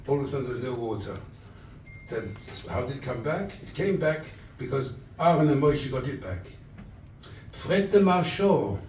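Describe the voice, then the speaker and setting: A rabbi from England giving a sermon at a charity event, telling stories and acting out the dialogue. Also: male voice, medium pitch, very animated, moderate pace, a little mellow, a little hiss or hum. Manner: storytelling, quotes scripture and acts out dialogue. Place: event hall. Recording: echoey room, distant mic.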